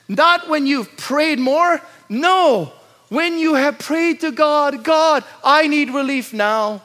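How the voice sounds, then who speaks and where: A male pastor preaching with a high, bright voice. He drops into low, quiet asides, then climbs into loud, urgent pleading. He asks question after question and stacks repeated lines. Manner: rhetorical questions and repeated lists. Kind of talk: sermon.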